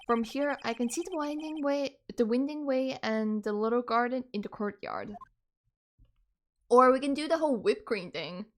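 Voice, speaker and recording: A woman's voice: fairly high pitch, expressive, moderate pace. A woman streaming a game, reading its text aloud and joking with her chat. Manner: chatty, jokey, talks to chat.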